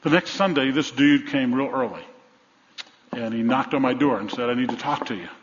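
Pastor preaching in a reverberant sanctuary. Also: male voice, mid-range voice, normal speed. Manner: storytelling, emphatic repetition. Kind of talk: sermon. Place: large church sanctuary. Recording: dull church recording with long reverb.

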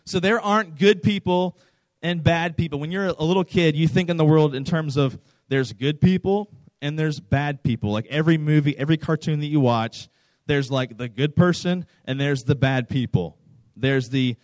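A man's voice: a little high, a little mellow, no room sound. A young adult man preaching a conversational sermon as a pastor, earnest and direct, often repeating phrases and asking the listeners questions.

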